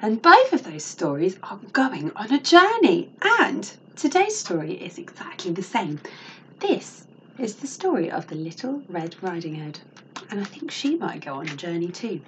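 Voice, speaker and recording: A woman's voice: on the low side, normal speed, a little hiss or hum, rough recording. A woman teacher reading a picture book aloud to children, asking them questions and gasping at the twists. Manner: animated, with gasps and questions to the listener.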